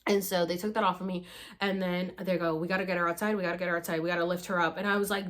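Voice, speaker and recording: A woman vlogger telling a story to camera in a casual, animated way, swearing freely and acting out her own cries and gasps. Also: fairly low pitch, very fast.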